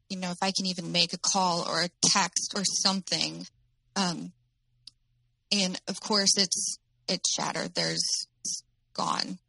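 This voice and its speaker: A woman telling her own story as an interview guest, in a halting way with many fillers. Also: lowish voice, creaky, bright, forceful tone, dry recording, low-quality recording.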